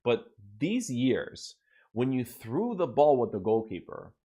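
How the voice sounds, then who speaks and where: A man's voice: mid-range voice, sing-song, takes it slowly, warm tone, breathy edge. A young man doing casual commentary over his own gameplay, emphatic, keeps checking in with "right?". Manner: casual, swears now and then. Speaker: gaming YouTuber.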